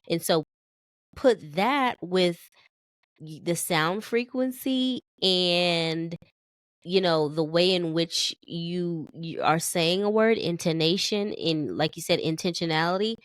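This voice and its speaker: A woman's voice: on the low side, dry recording, studio quality. A woman and mother co-hosting a casual podcast chat, talking in meandering sentences full of restarts and fillers. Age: young adult to middle-aged, a mother. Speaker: podcast co-host.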